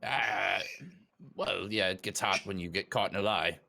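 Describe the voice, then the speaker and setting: A man's voice: sits low, moderate pace, gravelly. A man playing a tabletop role-playing game, chatting with friends and slipping into his character's lines. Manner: lively, speaks in character and narrates own actions. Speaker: player. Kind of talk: tabletop role-play chat.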